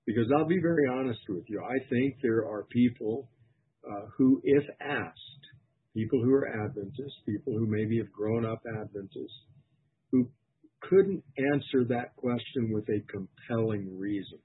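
Earnest husky-voiced male pastor. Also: medium pitch, measured pace. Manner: earnest, reflective. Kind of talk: personal testimony sermon. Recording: tinny phone-like sound.

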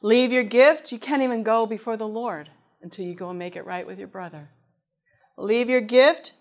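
A middle-aged woman delivers a sermon, her voice sitting slightly above the usual pitch. She speaks earnestly and reads scripture aloud. She often turns to her listeners with questions. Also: normal speed. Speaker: preacher.

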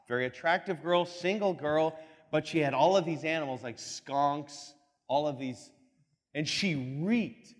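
A man giving a motivational talk with slides, telling a story animatedly and acting out voices. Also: a little high. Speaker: speaker. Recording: long reverb in a hall.

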